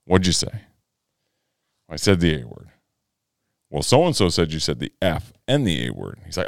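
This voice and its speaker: Middle-aged podcast co-host, deep smooth voice, lively storyteller, dry close sound. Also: male voice, normal speed, pauses often, no room sound. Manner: animated storyteller, laughs at his own story. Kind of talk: casual chat.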